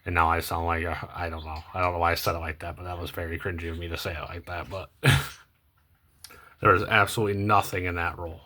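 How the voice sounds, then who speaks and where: A young man talking casually about coins as he sorts them, rambling and hesitant with many ums and self-corrections, often trailing off quietly. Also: level tone, fast talker. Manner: low-key, trails off quietly at phrase ends. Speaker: coin collecting vlogger. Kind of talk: casual unscripted commentary while sorting coins.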